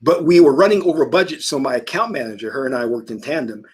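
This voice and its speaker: A man's voice: medium pitch, lively intonation, fast talker, breathy edge. A man hosting a casual talk stream, telling stories in an emphatic way. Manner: emphatic storytelling. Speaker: host.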